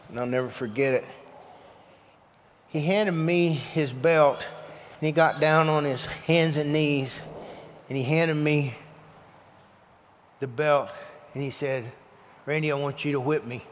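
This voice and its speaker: A man preaches to a congregation, with an earnest, storytelling manner that often drops to a quiet, heartfelt hush. His voice sits a little high. A long reverb from the hall trails behind him, over a faint hum of room ambience. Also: unhurried, pauses often. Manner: earnest storytelling, softening to a hushed emotional delivery. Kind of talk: sermon with personal story.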